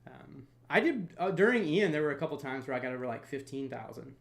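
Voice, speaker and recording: A man in his thirties from North Florida hosting a casual storm-chasing livestream, chatty and quick to laugh while reading viewer comments. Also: medium pitch, creaky. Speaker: storm chaser livestream host.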